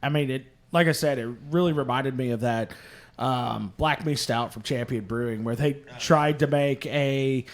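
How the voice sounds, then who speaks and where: A man's voice: mid-range voice, normal speed. A man in a casual beer review chat, giving detailed tasting notes with dry teasing.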